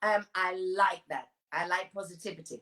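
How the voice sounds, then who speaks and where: An older woman answering a quick run of casual questions as an interview guest, chatty and self-assured. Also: fairly low pitch, crowd noise, low-quality recording.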